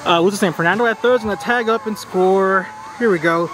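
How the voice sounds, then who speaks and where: A man who is out of breath, filming and calling softball plays with wry humor on an outdoor field. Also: sits high, fast talker, background noise. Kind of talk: casual play-by-play commentary.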